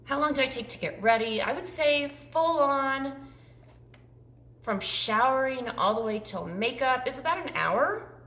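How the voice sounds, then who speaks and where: Chatty woman with a lively voice. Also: sits high, measured pace, echoey room. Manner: chatty, rambling, frequent ums. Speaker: YouTuber. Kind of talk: casual Q&A tag video.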